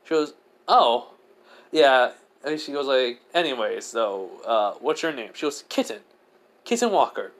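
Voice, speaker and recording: A man's voice: mid-range voice, moderate pace. A young man improvising a fan story aloud, rambling with many fillers as he recounts who said what, barely changing his voice between the characters. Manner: rambling, filler-heavy retelling with many "he goes, she goes".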